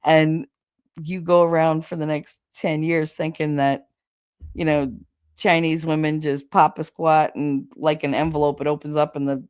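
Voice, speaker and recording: A woman's voice: low voice, flat delivery, normal speed, darkish tone, clean tone, no echo, clean studio sound. A woman hosting a podcast, telling gossipy, frank family stories in a casual chat and laughing often. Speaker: podcast host.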